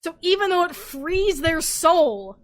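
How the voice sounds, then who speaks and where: A young woman podcast host, drunk, rambling excitably and swearing as she recaps a story in casual chat. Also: very high-pitched, slow.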